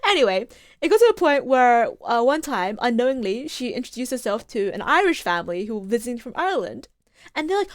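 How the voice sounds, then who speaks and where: A woman's voice: fairly high pitch, very animated, brisk, no room sound. A woman streaming a game, chatting casually and rambling between laughs. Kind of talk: casual gameplay commentary.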